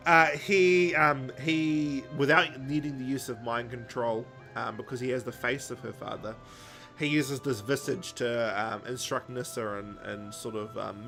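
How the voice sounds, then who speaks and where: A man's voice: mid-range voice, fairly bright tone. A man co-hosting a podcast, casually recapping a story in a rambling, jokey way with lots of ums. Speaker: podcast co-host.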